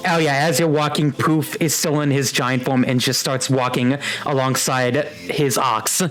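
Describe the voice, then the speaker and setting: A man's voice: mid-range voice, flat delivery, moderate pace, fairly bright tone, faint music behind, rough recording. A young man narrating as game master of a tabletop game, rambling with many fillers.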